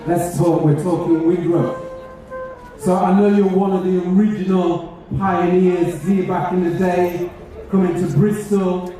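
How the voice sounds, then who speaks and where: A man's voice: high voice, little pitch movement, measured pace. A man with an English accent hosting a live community event, coaxing the audience to join in and share stories. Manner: upbeat, coaxing, calls out to the audience. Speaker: event host. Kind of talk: live event compering, rallying a crowd. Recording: echoey, distant mic, loud music and crowd.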